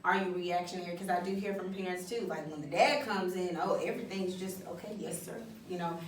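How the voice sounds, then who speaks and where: A woman's voice: fairly low pitch, fairly even intonation, a little fast. A woman chats casually as a talk show co-host and fills her speech with "like." Her voice echoes around the room. It sounds like it was picked up from a distance. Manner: casual, chatty, lots of "like".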